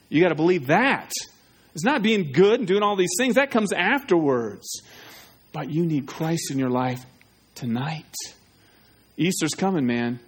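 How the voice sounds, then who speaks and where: A man preaching with urgent, pleading force. His voice sits a little high for a man, and he keeps firing questions straight at the congregation. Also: animated, fairly quick, husky. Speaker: pastor. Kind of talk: evangelistic sermon.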